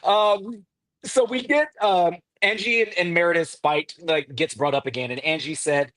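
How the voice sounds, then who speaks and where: Man, podcast host, casual recap chat, animated, laughing, dry close sound. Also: high voice, normal speed, no echo.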